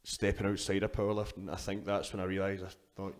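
A young Scottish man speaks in a fairly low voice as a guest in a relaxed chat. He tells his stories in a loose, rambling way, swearing often and circling back to restart sentences. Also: fairly quick. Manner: swears freely, storytelling with frequent restarts. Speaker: guest, powerlifter. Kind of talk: casual podcast interview.

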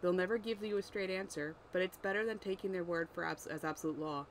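A writer reading a calm, blunt man. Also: medium pitch, fast, slight background noise, close to an everyday voice, low-quality recording. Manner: plain read-aloud, stops to fix words. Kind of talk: reading own story aloud while editing.

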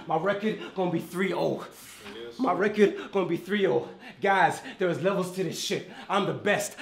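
Boastful American-accented man rapping in a room. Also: high voice. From Ireland. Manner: taunting, boastful, rhythmic punchline delivery. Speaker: battle rapper. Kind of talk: rap battle verses. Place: indoor battle venue. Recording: roomy echo.

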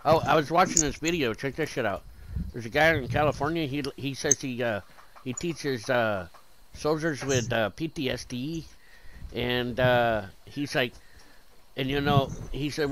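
Rambling, profane, bright-voiced comedian. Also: male voice, mid-range voice, a little slow, a little hiss or hum, poor audio. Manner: rambling, profane, mock-conspiratorial.

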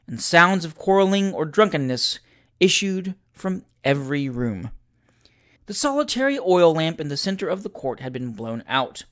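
Man reading classic fiction expressively. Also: fairly high pitch. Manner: expressive, measured storytelling. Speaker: podcast host and reader.

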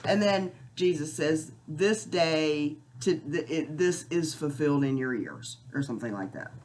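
A middle-aged woman giving a casual, excited Bible teaching, talking conversationally and reading scripture aloud. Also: low voice, unhurried, slight background noise.

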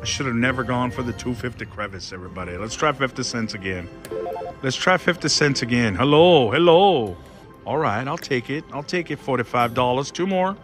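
A man giving casual live commentary as he plays slot machines on a casino floor, excitable and pleading with the machine. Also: medium pitch, a little fast, music in the background. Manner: excitable, pleading with the machine, keeps saying "everybody".

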